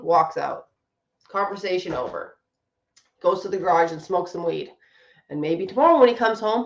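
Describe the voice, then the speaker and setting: A woman coach talks through marriage advice in a loose, conversational way and often slips into quoting what other people say. Her voice carries a roomy echo, and the recording sounds a little dull. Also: mid-range voice. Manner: conversational, often acting out quoted speech. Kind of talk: casual advice talk to camera.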